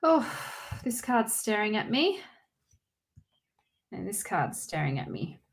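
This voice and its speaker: A woman's voice: medium pitch, big pitch swings, slow pace, vocal fry. A middle-aged woman giving live tarot readings to viewers in a reassuring way, often repeating her phrases and restarting sentences. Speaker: tarot reader.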